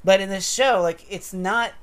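A man's voice: high-pitched, moderate pace, smooth. A man co-hosting a podcast, talking through an episode in casual chat with thoughtful, academic phrasing and bursts of laughter. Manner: animated, laughs while making points. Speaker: podcast co-host.

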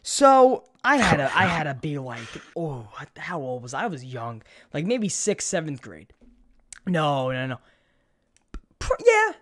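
A man's voice: on the high side, wildly swooping pitch, measured pace, a bit bright. A man from New York telling a rambling, profane story in casual chat, with many restarts.

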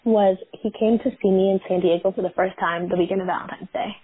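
A woman's voice: mid-range voice, fairly even intonation, quick pace. A woman in her twenties chatting casually as a guest, full of "like" fillers. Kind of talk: casual chat. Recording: phone-like narrow sound.

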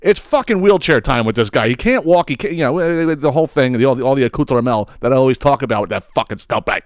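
Profane mocking podcast host, dry sound. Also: male voice, medium pitch, fast, no echo. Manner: profane, mocking, animated with laughs. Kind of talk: casual podcast rant.

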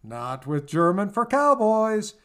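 A man delivering a comic mock infomercial in folksy cowboy slang, with a hard-sell pitch. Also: sing-song, takes it slowly, fairly bright tone. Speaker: announcer and radio host.

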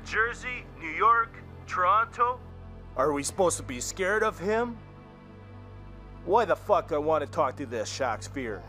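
An actor playing a volatile middle-aged mob boss in a low-budget film, barking profane threats in a bright, sharp voice. Music hums faintly behind him in the clip. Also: male voice, big pitch swings, a little slow, heavily acted. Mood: incredulous.

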